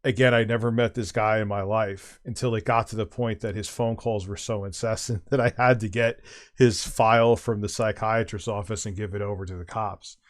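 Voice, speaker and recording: A man's voice: lowish voice, fairly even intonation, moderate pace. A middle-aged man chatting casually as a streamer, telling a long rambling anecdote with swearing and restarts. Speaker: streamer and host. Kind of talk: casual chat, storytelling.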